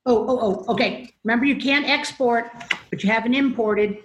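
A woman's voice: fairly high pitch, fairly quick, dull audio, a little hiss or hum. A middle-aged mother speaking as a guest, telling stories earnestly about faith and parenting. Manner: earnest, storytelling, acts out voices in quotes. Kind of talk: Christian parenting talk. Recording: roomy echo.

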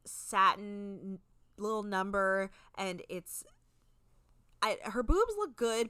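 A woman's voice: fairly high pitch, a bit bright, clean tone, no echo. A woman co-hosting a recap podcast, talking in a frank, crude, chatty way full of filler words. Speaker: podcast co-host recapping a reality show. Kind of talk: casual chat.

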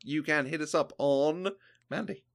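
A man co-hosting a casual podcast, chatty and quick to laugh, often breaking off and restarting his sentences. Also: a little high, creaky. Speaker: podcast co-host.

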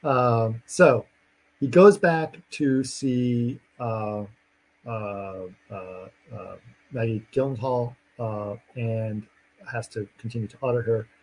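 A man's voice: mid-range voice, takes it slowly, a little hiss or hum, rough recording. A man in casual chat, rambling through a movie plot with lots of fillers and acted-out lines. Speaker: podcast co-host recapping a movie.

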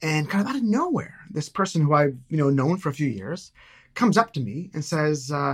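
A man's voice: on the high side, sing-song, normal speed, slightly rough. Hesitant man in casual talk. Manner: hesitant, many fillers and restarts. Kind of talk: casual conversation.

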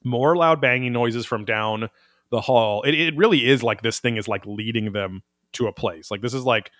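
A man's voice: mid-range voice, moderate pace, fairly bright tone, no echo, studio quality. Rambling, foul-mouthed male podcast host. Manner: rambling, profane, wry. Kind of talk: casual episode recap chat.

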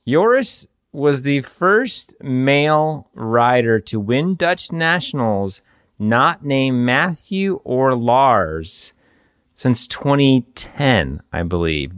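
Smooth, lively-voiced man co-hosting. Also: mid-range voice, dry recording, clean studio sound. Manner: laughs often, poses trivia questions. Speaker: podcast co-host. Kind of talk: casual chat.

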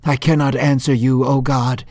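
A man voicing Job, a frightened, humbled older man who speaks in a trembling, hushed way. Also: medium pitch, flat delivery, normal speed, no echo, lightly acted.

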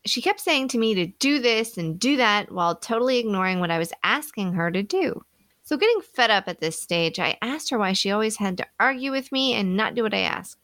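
A woman's voice: mid-range voice, animated, fairly quick, a bit bright, no echo, clean studio sound. A woman co-hosting a casual comedy podcast, reading listener stories aloud with a playful, giggly, self-mocking manner. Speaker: podcast co-host.

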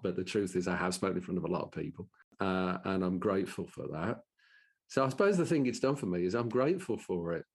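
Gravelly low-voiced Brummie man telling stories. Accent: Birmingham and Black Country English. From English Midlands. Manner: animated, repeats words, jumps up in pitch for quoted voices. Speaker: guest, professional speaker. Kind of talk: casual storytelling in an interview.

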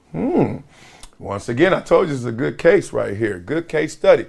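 A middle-aged man runs a solo sports talk show with a lively, swooping delivery. His voice sits a little high for a man. He tells stories with energy and acts out the people he quotes and the sounds he describes. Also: normal speed, gravelly, husky. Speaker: podcast host.

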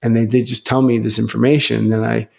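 A man's voice: medium pitch, flat delivery, fast talker, creaky. A man talking on a podcast in a casual, enthusiastic way, with lots of "you know" fillers. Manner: enthusiastic, rambling with many fillers. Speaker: podcast guest.

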